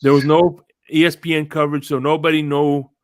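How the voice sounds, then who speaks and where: A man's voice: a little high, level tone, fairly quick, no echo, clean studio sound. A man hosting a casual sports podcast, rambling through stories and greeting viewers as he goes. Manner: rambling, greets live chat viewers, tells stories with quoted voices. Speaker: podcast host.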